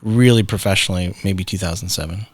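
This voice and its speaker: Low-voiced man telling animated stories. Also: fast, husky, no room sound. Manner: animated storyteller acting out quoted voices. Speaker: guest, founder and artist. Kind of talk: casual storytelling interview.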